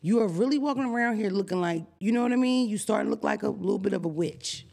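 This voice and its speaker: Philly woman hosting a podcast, loud brash jokey rants, swears a ton. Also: medium pitch, quick pace, gravelly. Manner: profane, brash comic ranting. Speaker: podcast host. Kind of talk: casual podcast chat.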